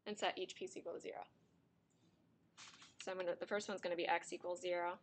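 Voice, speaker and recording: A woman's voice: lowish voice, flat delivery, quick pace, a little hiss or hum. A woman teaching a math class, explaining steps to her students while she is losing her voice and it keeps cracking. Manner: talks through steps at the board, chatty with students.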